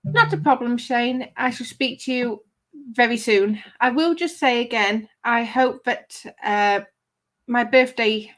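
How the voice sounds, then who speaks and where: A woman's voice: fairly high pitch, a little slow, fairly bright tone. Chatty woman hosting a livestream. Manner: chatty, giggly, reads comments aloud. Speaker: livestream host reading chat. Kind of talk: casual live-stream chat.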